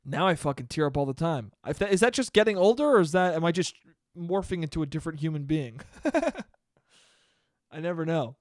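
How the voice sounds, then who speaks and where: A young man hosts a solo podcast in a slightly high voice, talking fairly quickly with clean studio quality and no room sound. It's a casual monologue where he rambles, swears, keeps cutting himself off, and laughs a lot.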